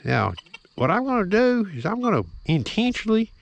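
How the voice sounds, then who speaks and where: A plain-spoken man talks through a hands-on demonstration, his voice high and gravelly with lively swings in pitch. He keeps checking in with the listener. It is a noisy outdoor recording with birds and clicks behind him. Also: fairly quick. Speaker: metal detecting hobbyist demonstrating a detector. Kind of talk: folksy hands-on tutorial.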